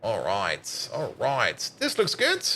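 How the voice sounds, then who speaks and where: A man's voice: medium pitch, wildly swooping pitch, slow, bright, forceful tone, a little hiss or hum. A tired man streaming a factory-building game, chatting and rambling as he plays, with frequent laughs and casual swearing. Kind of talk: casual gameplay commentary.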